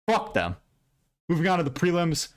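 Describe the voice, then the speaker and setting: A man's voice: a little high, normal speed. Blunt, foul-mouthed man recapping fights. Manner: profane, blunt and rambling, with bursts of excitement. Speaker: MMA commentator recapping fights. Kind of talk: casual fight recap vlog.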